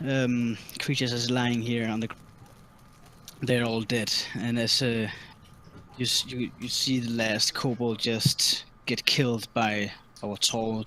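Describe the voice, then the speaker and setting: A man's voice: mid-range voice, pushed and bright. A man runs a tabletop role-playing session as dungeon master. He searches for words, restarting his sentences and filling the gaps with ums. A faint hiss sits under his voice. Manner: halting, full of ums and restarts, laughs easily. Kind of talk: running a tabletop game online.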